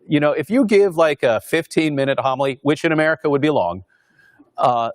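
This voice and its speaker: A man's voice: fairly high pitch, lively intonation, a little fast, no echo, clean studio sound. A man, a pastor, giving an informal lecture in a conversational way, with many fillers and restarts. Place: Northern Virginia parish pastor speaking at a university.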